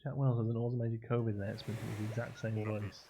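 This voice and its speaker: A man's voice: fairly low pitch, little pitch movement, quick pace, a crowd in the background. A man chatting casually while live-streaming a game, rambling and laughing between stories. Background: game music.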